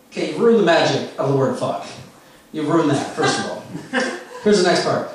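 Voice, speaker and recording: A male stand-up comedian with a fairly high voice tells stories in a wry, conversational way. He sounds distant, and the club echo is heavy, with faint room noise behind him. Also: expressive, normal speed. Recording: echoey club recorded from far off.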